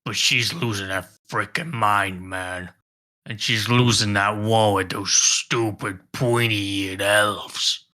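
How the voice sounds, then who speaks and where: A gruff, crude bugbear grunt, as a man puts him on for a tabletop game, talking low and slow with a hard, sharp edge. He stays blunt and dismissive, dropping swears and looking down on others. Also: steady tone. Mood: scornful. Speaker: game master.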